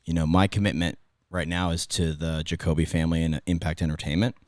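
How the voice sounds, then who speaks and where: Here the former radio host, a middle-aged man with a Californian accent, talks fast in a low, flat, darkish voice. He tells stories in casual podcast chat, rambling and cutting himself off to restart sentences. It's a dry, studio-quality recording.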